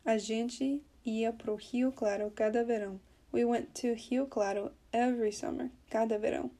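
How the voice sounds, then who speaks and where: Chatty woman teaching Portuguese, mellow voice. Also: fairly high pitch, gravelly. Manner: chatty, explains with many fillers. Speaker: podcast host teaching Portuguese. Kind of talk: casual language lesson.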